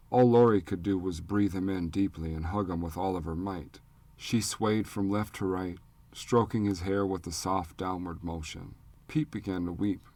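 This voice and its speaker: A man narrating an audiobook in a measured, even storytelling manner on a close studio mic. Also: sits low, dry recording. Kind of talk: scripted narration.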